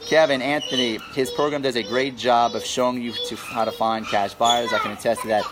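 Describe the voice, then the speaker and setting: A man's voice: mid-range voice, fairly even intonation, fairly quick, very noisy. A man coaching real estate wholesalers in a live Q&A, talking energetically and repeating his key points for emphasis. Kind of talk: live Q&A with viewers.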